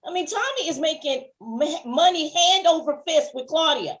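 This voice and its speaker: A woman's voice: sits high, animated, normal speed, a bit bright. A woman co-hosting a podcast in casual, blunt chat about a TV show. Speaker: podcast co-host.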